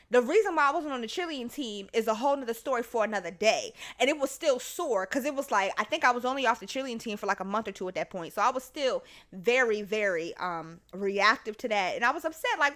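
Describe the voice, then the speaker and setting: A woman podcast host telling a story in casual chat, animated and laughing, acting out the people in it. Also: a little high, a little fast, few pauses.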